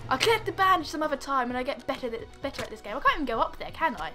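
A woman's voice: high-pitched, very animated, very fast, bright, forceful tone, soft background music. A woman doing let's play commentary, exasperated and laughing often as she scolds the game character. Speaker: gamer.

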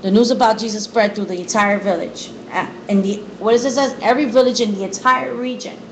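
A woman's voice: medium pitch, steady tone, a little fast, a little hiss or hum, low-quality recording. A woman leading a Bible study, reading scripture aloud and commenting, repeating words for emphasis, recorded on a phone. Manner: repetitive emphasis.

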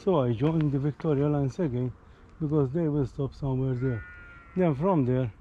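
A man's voice: medium pitch, moderate pace, dull audio, a little hiss or hum. Chatty Maltese man hiking outdoors. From Malta. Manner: chatty, ends phrases with "eh?". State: tired, at times out of breath. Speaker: hiker vlogger. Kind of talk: casual walking vlog commentary.

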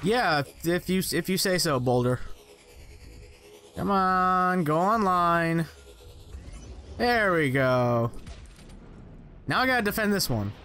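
Young man, let's play commentary, exclaiming and swearing, high lively voice, bright tone. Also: slow pace, pauses often, faint music behind. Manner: exclaiming, swearing, joking to himself. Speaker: gameplay commentator.

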